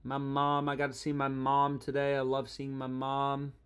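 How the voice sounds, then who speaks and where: A man's voice: mid-range voice, completely flat delivery, normal speed, clear, resonant tone. A young man chatting casually on a live stream about sports bets, slangy and profane, rambling from thought to thought. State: annoyed.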